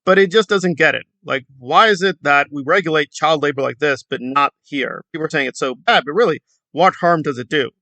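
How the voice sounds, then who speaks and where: A man's voice: fairly high pitch, brisk, bright, forceful tone, no room sound. A man giving casual, rambling commentary, hesitating often with fillers. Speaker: commentary YouTuber.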